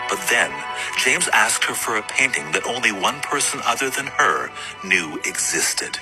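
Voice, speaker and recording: A man's voice: medium pitch, lively intonation, measured pace, loud music behind the voice, rough recording. A man giving scripted documentary narration with a dramatic, emphatic delivery.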